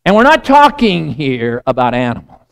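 A man giving a sermon in a loose, conversational way, often restarting phrases and dropping to a hushed tone. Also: medium pitch, huge pitch swings, moderate pace, vocal fry. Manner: conversational and digressive, many repeated starts. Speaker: preacher.

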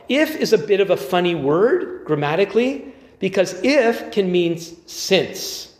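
Male preacher, relaxed conversational sermon, restarts and wry asides, roomy echo. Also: high voice, unhurried. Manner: conversational, thinking aloud with restarts and dry asides. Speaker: pastor. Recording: echoey church hall reverb.

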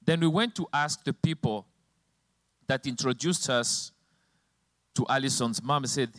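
A man's voice: mid-range voice, a little slow, fairly bright tone, no room sound. Emotional male preacher, dry sound. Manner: emotional storytelling, voice rising and falling sharply. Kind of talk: sermon with personal testimony. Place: church with slides and a helper at the computer.

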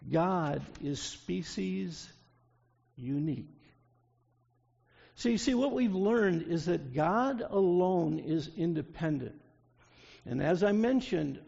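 A man preaching a sermon in a church, telling a story with surges of intensity that fall back to a soft close. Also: fairly high pitch, gravelly, husky. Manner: storytelling, rising to intense peaks then dropping soft. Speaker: pastor. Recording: dull echoey hall.

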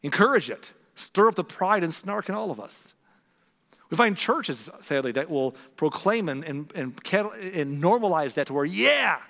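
Brief: male pastor, fairly high voice, earnest sermon with hushed emphatic moments, long hall reverb. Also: big pitch swings, normal speed, vocal fry. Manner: earnest, storytelling, drops to hushed tones for emphasis.

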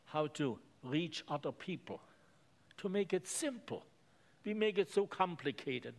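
A man preaching a sermon in earnest, simple phrases, often repeating words for emphasis. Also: on the high side.

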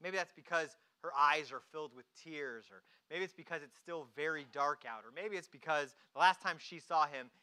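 A preacher delivering a dramatic sermon, swinging between hushed, quiet moments and emphatic, rising lines. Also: mid-range voice, moderate pace, hardly any pauses, clear, resonant tone.

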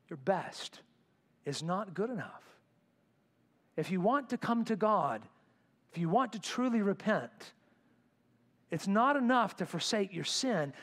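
A man preaching a sermon to his congregation in a church, swinging between loud emphatic bursts and quiet, intense lines. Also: very high-pitched. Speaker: pastor. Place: church sanctuary.

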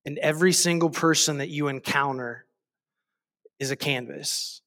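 A man preaching a sermon, slow and deliberate, repeating phrases for emphasis. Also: a little high, steady tone, fairly bright tone.

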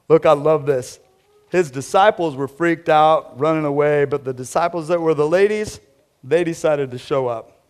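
A man delivering a sermon with lively, conversational storytelling. His voice sits somewhat high for a man, and he keeps turning to address his listeners directly, as if chatting with them. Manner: animated storytelling, talks straight to listeners. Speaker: pastor.

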